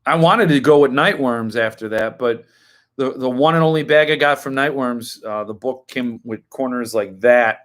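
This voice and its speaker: A man's voice: mid-range voice, moderate pace. A man in his fifties hosting a live stream, chatting casually as he answers viewers' comments and now and then flaring into indignant rants.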